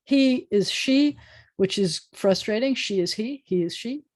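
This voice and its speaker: A woman rabbi teaching a Hebrew class over a video call, explaining patiently and repeating words slowly. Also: on the high side, lively intonation, darkish tone. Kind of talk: online class lecture.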